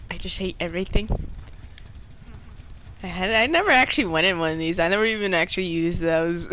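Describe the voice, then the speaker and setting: A young woman giving casual gameplay commentary to her viewers, excitable and easily frustrated. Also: fairly low pitch, fairly quick, background noise. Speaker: gaming channel creator.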